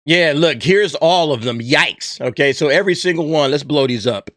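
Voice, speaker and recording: A fed-up man riffs through casual reaction commentary, mocking what he reads aloud. His voice sits a little high and sounds bright and forward. The recording is close and dry, with no room sound around him. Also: moderate pace, dry recording. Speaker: YouTube commentator.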